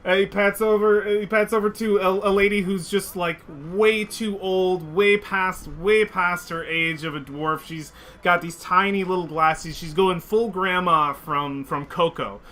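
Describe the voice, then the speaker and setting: A man's voice: high voice, steady tone, measured pace, sharp tone. A man narrating as dungeon master, giggly and full of fillers and restarts. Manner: giggly, many fillers and laughs. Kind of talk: narrating a tabletop game.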